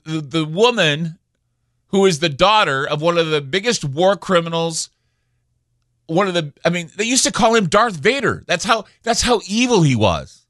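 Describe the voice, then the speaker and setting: Male talk radio host, ranting and emphatic, bright forceful tone, dry close sound. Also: high voice, dry recording. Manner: ranting, emphatic, repeats himself.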